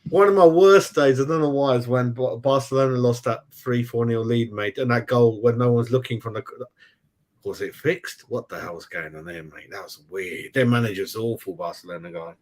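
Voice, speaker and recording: A man's voice: mid-range voice, moderate pace, darkish tone. A man, co-hosting a live fan stream, greeting viewers by name and firing off rhetorical questions. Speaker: fan channel co-host. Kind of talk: casual live-stream chat.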